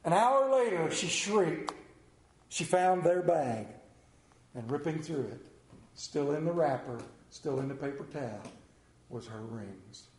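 In an echoey church sanctuary, a pastor preaches a sermon in a voice on the high side and a little slow. He tells a folksy story and puts questions to the congregation.

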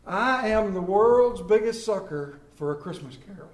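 Male preacher, hushed dramatic sermon, high mellow voice, echoey room. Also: animated, moderate pace.

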